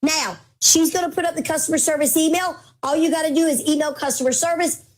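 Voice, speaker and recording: A woman hosts a casual live-stream sale, chatting with viewers and calling them baby girl and mama. Her high, steady voice moves fast but is going hoarse, and she's losing it from all the talking.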